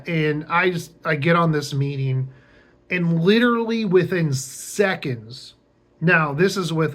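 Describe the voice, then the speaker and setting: Young man, casual storytelling, slow drawl, slightly high voice, lots of ums and restarts, wry sarcastic asides. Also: a bit bright. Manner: rambling, lots of fillers and restarts. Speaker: vlogger.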